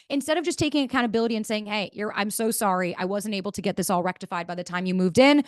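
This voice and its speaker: A woman, giving a blunt, animated motivational talk as a podcast host and swearing freely. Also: medium pitch, fast, few pauses, no room sound, studio quality.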